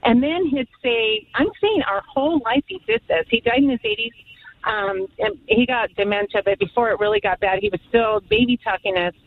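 On a radio call-in show, a woman phones in to reminisce fondly about her late father, rambling emotionally and close to tears. Her voice is fairly high and fairly quick, heard over a phone line with slight background noise.

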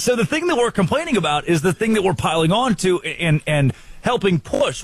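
A man co-hosting a sports talk show, debating college football in an animated, riffing way with mock quotes. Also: fairly high pitch, husky, no echo.

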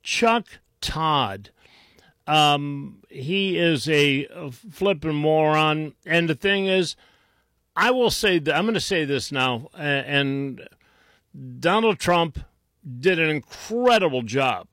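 A man's voice: a little high, lively intonation, slow pace, fairly bright tone, no room sound, clean studio sound. A man hosting a talk radio show, mocking and combative in tone, with frequent restarts.

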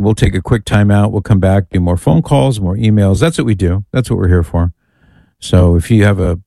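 A man's voice: on the low side, gravelly, dark tone, no room sound. A man hosting a call-in radio show, chatting in an easygoing, bantering way. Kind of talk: casual call-in radio chat.

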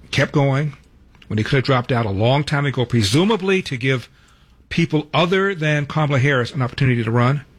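Husky-voiced male talk radio host. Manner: mocking, mimics quotes in a high voice. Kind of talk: political talk radio commentary.

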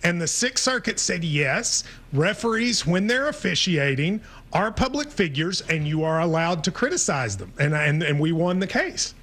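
A man's voice: fairly high pitch, very animated, moderate pace, few pauses, a bit bright. A man hosting a sports talk radio show, speaking in an assertive, wry way.

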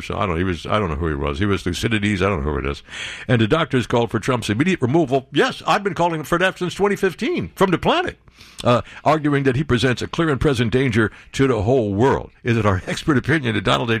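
A male talk radio host speaks into a studio mic with biting sarcasm and a mocking edge. His pitch swings widely as he riffs and needles. The sound is dry and close, with no room around it. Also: dry recording. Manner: sarcastic, mocking, jumps to put-on voices. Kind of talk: opinionated talk radio monologue.

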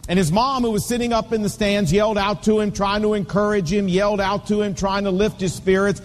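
A man's voice: sits high, little pitch movement, fairly quick. A man in his fifties preaching a sermon, telling stories and hammering home points with repeated punchy phrases. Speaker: pastor. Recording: long reverb of a large hall.

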